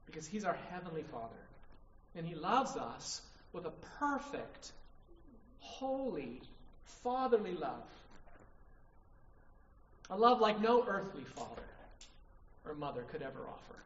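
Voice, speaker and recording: A man's voice: fairly high pitch, sing-song, unhurried, long pauses, fairly bright tone, slight background noise. A man preaching a sermon, emphatic, often checking in with the congregation by asking "right?". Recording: distant, echoey hall, dull sound.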